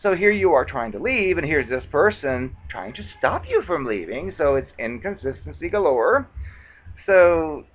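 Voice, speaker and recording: A man tells a personal story in an animated, casual monologue, his pitch swinging widely as he acts out the voices of others. He sits a bit higher than most men. The recording sounds dull and lo-fi. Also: normal speed. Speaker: video blogger.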